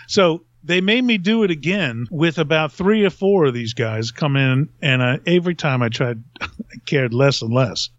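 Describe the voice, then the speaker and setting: Speaking at normal speed in a slightly high voice, a podcast host casually tells a long, wandering story with plenty of chuckles. There's no echo, though the sound is dull and lo-fi.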